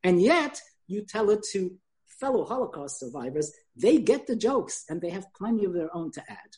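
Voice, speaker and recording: An older woman giving a lecture, telling an anecdote in an animated, conversational way. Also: medium pitch, normal speed.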